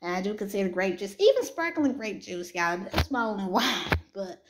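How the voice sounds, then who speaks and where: A woman's voice: mid-range voice, expressive, normal speed, background noise. A young woman, casually chatting with her viewers in a home vlog, full of fillers and restarts. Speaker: Christian romance author vlogging. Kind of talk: casual chat. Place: bedroom at home.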